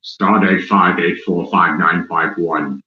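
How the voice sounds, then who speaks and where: A mock starship captain barks orders in a stiff, announcing way, as a man puts him on. The voice is very deep. The audio is dull and roomy. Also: steady tone, slow pace. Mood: mock-solemn.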